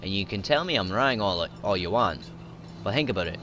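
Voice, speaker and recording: A man's voice: on the low side, animated, a little fast, soft background music. A young Scottish man with a Scottish accent, giving sweary, rowdy commentary over his gameplay. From Scotland. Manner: sweary, rowdy, shouts at the game. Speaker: gaming YouTuber.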